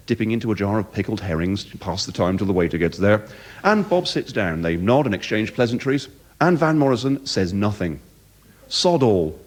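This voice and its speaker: Brief: British male storyteller on stage, mock-dramatic, husky, lively. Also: mid-range voice. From Britain. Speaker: comedy performer. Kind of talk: live comedy storytelling.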